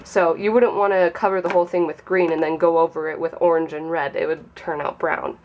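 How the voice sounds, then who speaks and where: A woman's voice: low voice, a little fast, lo-fi sound, a little hiss or hum. Nasal woman with a sinus cold. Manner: chatty, relaxed explaining. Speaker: craft tutorial host. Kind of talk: casual how-to tutorial.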